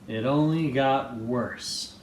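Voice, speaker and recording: A man reading a children's picture book aloud, slow and playful, doing voices as he goes. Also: reverberant, a little hiss or hum. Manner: slow, expressive, playful read-aloud with lively pitch. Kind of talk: storybook read-aloud with voices.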